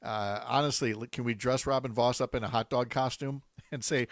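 A man's voice: medium pitch, steady tone, a little fast, hardly any pauses, dry recording, clean studio sound. A man hosting a political talk show, easygoing and wry, laughing along with his guest. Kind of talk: casual political chat.

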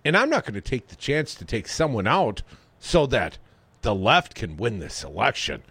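A man's voice: medium pitch, sing-song, normal speed, fairly bright tone, breathy edge, no echo. A man hosting political talk radio, reading news and adding sarcastic, opinionated asides.

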